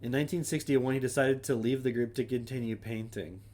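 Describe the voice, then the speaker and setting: A man with a mid-range, darkish voice chats casually on his own stream, talking fairly quickly in a steady tone with hardly any pauses. He's reading names from a list aloud in a wry, offhand manner, muttering dry asides under his breath.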